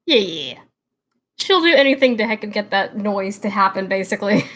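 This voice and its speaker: A woman's voice: mid-range voice, expressive, fast, a bit bright. A woman playing a tabletop game, chatting casually and explaining her character. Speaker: player. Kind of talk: casual chat.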